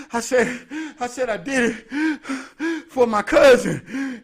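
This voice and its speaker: A man preaching a storytelling sermon, animated, laughing and rising to shouts. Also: extremely high pitch, slow, slightly rough.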